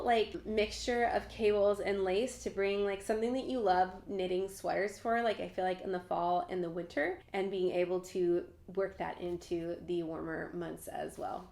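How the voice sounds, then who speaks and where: Young woman host, congested and nasal from a cold, casual and upbeat, with lots of filler "like"s. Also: medium pitch. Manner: chatty, enthusiastic, many fillers of "like". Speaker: knitting podcast host. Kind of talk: casual pattern round-up talk.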